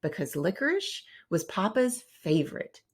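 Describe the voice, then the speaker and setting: A woman's voice: mid-range voice, wildly swooping pitch, normal speed, breathy edge. A woman reading a children's picture book aloud, narrating expressively and voicing the characters. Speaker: storybook read-aloud narrator.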